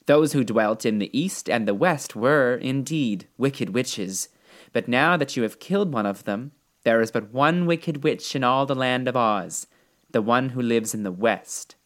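A man voicing a small, kind old woman who is a good witch, speaking calmly and reassuringly in a storybook reading. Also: medium pitch, a little slow. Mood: kindly. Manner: calm, gently reassuring.

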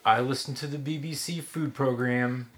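A man's voice: medium pitch, fairly even intonation, normal speed, a bit bright, a little hiss or hum. A man in casual podcast chat, making dry wisecracks.

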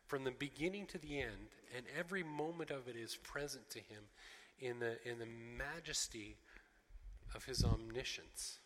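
Bright-voiced male preacher in a reverberant hall. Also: mid-range voice, moderate pace. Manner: expressive, acting out quoted voices, frequent restarts. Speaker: pastor. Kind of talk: sermon. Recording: long reverb of a large hall.

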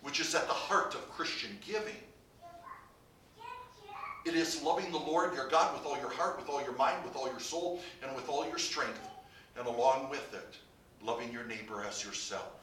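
A man's voice: medium pitch, moderate pace, fairly bright tone, a little hiss or hum. Male pastor preaching in an echoey church. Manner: asks the congregation repeated rhetorical questions. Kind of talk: sermon. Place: church sanctuary. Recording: echoey church heard from far off.

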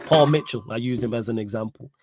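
A young man hosting a casual live-stream podcast, talking in an animated, slangy way and repeating his points for emphasis. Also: medium pitch, quick pace, a little hiss or hum. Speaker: podcast host reading live chat.

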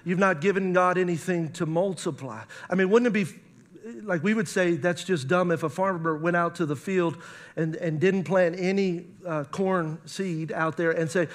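High-voiced man preaching a sermon. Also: normal speed. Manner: preaching with emphatic rises, reads scripture aloud. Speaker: pastor.

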